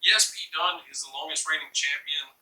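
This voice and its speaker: A man's voice: fairly high pitch, normal speed, pushed and bright. A man co-hosting a casual chat, talking at length and with enthusiasm. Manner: chatty, enthusiastic about collectibles. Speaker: co-host. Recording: echoey room, mic far off.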